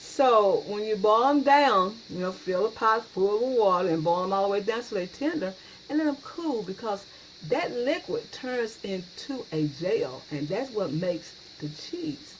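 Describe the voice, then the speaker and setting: A woman chats her way through a recipe in her home kitchen. She talks in a folksy, homey manner, at an everyday middle pitch. A faint hiss sits under the recording. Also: animated, unhurried, rough recording. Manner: folksy, repeats "y'all" and "yes, indeed". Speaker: cooking channel host. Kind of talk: casual cooking video.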